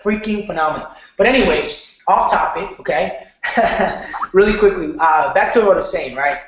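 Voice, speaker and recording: A man teaching an online marketing lesson in a casual, animated way, often checking in with "okay?" and slipping into slang. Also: sits high, moderate pace, a little hiss or hum. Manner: animated, repeats "okay?", loose slangy talk. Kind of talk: casual training lecture. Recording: very echoey, muffled room.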